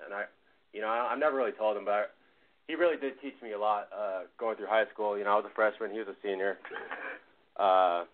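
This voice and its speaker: A man's voice: lowish voice, a little hiss or hum. A man being interviewed as a band's guitarist, talking in a laid-back way with lots of fillers and laughs. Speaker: guitarist guest. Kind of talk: casual radio interview. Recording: tinny phone-line call audio.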